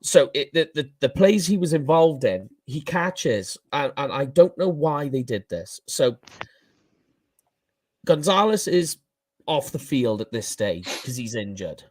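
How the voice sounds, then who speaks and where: A man with a Welsh accent co-hosting a casual sports podcast, animated and quick to laugh at his own slips. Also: medium pitch, no room sound. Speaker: co-host.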